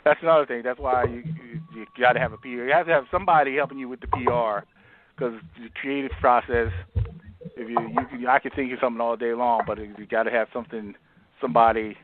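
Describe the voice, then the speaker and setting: A man chatting as a comedian guest, animated and laughing often, often trailing off and restarting mid-sentence. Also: medium pitch, fast talker, a little hiss or hum. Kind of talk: casual phone interview chat. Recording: tinny phone line.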